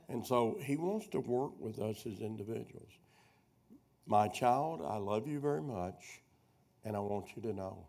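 Gravelly man preaching folksy stories. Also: lowish voice, mellow. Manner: rambling storyteller who loses his thread and doubles back. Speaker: preacher teaching a prophecy workshop. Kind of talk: folksy teaching sermon with personal stories.

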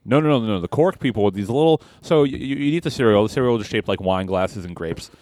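Low-voiced man telling a rambling story. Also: expressive, fast talker, a little mellow, no room sound. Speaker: podcast co-host. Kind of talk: casual comedic chat.

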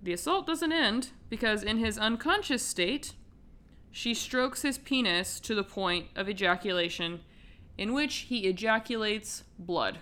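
A woman's voice: mid-range voice, lively intonation, measured pace, a bit bright. A woman hosting a podcast, casually retelling a film's plot with lots of swearing and filler words. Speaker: podcast host. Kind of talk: casual film recap.

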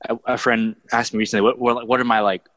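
A young man chatting casually about movies, animated and excitable with plenty of filler words. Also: mid-range voice, fast talker, no echo, poor audio. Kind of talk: casual chat.

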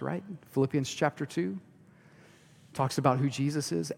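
A man preaching a sermon as pastor, rising to loud emphatic lines and dropping to hushed near-whispers. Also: on the high side. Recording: long hall reverb.

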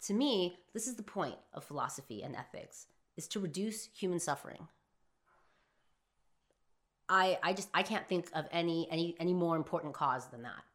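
A young woman telling a personal story in an emphatic, profane monologue, swinging from hushed to shouting. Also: on the low side, lively intonation, normal speed. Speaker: philosophy vlogger.

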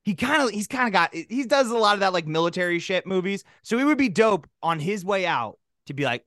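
Man, comedy podcast co-host, casual banter, swings his pitch widely, dry close sound. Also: brisk, few pauses, dry recording. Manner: animated, profane, riffs with mock voices.

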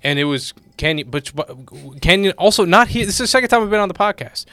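A male comedian guests on a podcast, trading dry, self-deprecating jokes. His voice is smooth and clean, and it sits close on a dry mic with no room sound. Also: high-pitched, fast, dry recording. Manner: self-deprecating, deadpan joking. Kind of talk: casual comedic podcast chat.

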